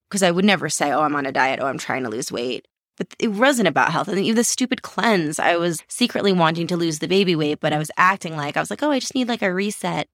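A woman in her forties tells stories about herself, candid and quick to poke fun at herself. Her voice sits fairly low for a woman, and the sound is close and dry. She talks casually, acting out her old thoughts with lively turns. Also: no room sound. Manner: candid, self-mocking, animated storytelling. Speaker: podcast host. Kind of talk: casual interview answers.

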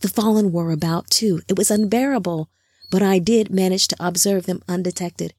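A woman's voice: lowish voice, steady tone, normal speed, darkish tone, lightly acted. A woman voicing an earnest, worried male angel who speaks urgently and a little indignantly, in a storybook reading.

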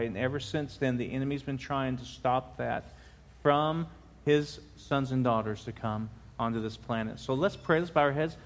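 A man's voice: medium pitch, fairly even intonation, normal speed. A middle-aged man preaching a sermon as pastor, talking informally with frequent restarts and filler words. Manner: informal, rambling, with many restarts. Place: large church sanctuary. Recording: long church hall reverb.

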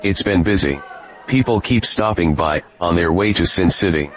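A man's voice: low voice, normal speed. A man voicing a laid-back male robot bartender who chats easily with a regular. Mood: easygoing. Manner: relaxed, friendly bar talk. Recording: dull lo-fi sound with faint crowd.

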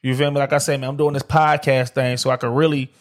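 A man's voice: medium pitch, level tone, fast talker. A man from Detroit hosting a solo sports podcast, talking in a loose, slangy way and often repeating "like I said" and "man". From Detroit, USA. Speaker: podcast host. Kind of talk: casual solo sports talk. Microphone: streamed live on camera.

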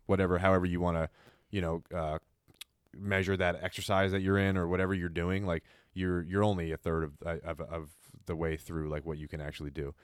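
A man's voice: low-pitched, level tone, fairly quick, clean tone, dry recording, studio quality. A man in casual chat, musing reflectively about motivation with many "like" fillers.

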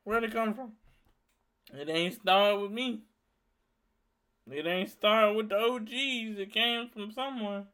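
A young man hosting a casual, rambling monologue, swearing freely and telling animated stories. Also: high voice, a little slow, pauses often, clear, resonant tone. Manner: profane, rambling, animated storytelling. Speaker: podcast host.

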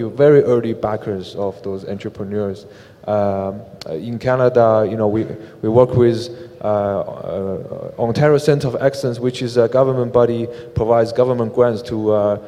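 A man who directs an angel investment group, speaking on a panel in a halting way with many "uh" fillers. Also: lowish voice, mellow. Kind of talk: panel discussion. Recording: long hall reverb.

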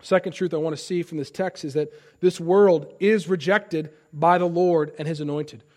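A man in his thirties preaching a sermon. He swings between loud, impassioned lines and soft, conversational asides. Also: fairly high pitch, fairly even intonation, moderate pace. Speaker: pastor.

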